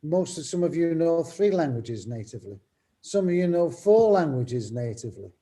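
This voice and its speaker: Older guy, mellow voice, joking around while telling teaching stories. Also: on the high side, very animated, moderate pace. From England. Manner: storytelling, self-mocking humor. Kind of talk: casual panel talk.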